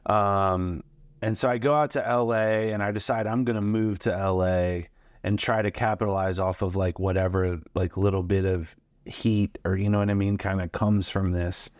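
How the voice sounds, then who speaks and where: Comedian guest, man in his forties, lowish voice, dry close sound; animated storyteller who acts out every quote. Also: normal speed, dry recording. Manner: animated anecdotes, acts out quotes, lots of fillers. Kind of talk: storytelling interview.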